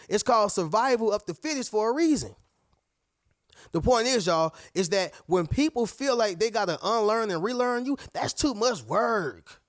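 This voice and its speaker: High-voiced emphatic man giving life advice. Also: no echo, studio quality. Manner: emphatic, preachy, addresses viewers as "y'all" and "family"; acts out other people's lines in a higher voice. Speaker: motivational video host. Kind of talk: motivational talk to camera.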